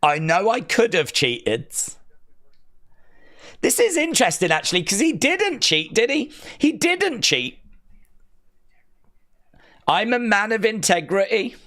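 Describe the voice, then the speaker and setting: A man's voice: sits high, wildly swooping pitch, slow, pauses often, fairly bright tone. An English man with an English accent, hosting a wrestling watch-along live stream and chatting casually in a rambling, joking way. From England.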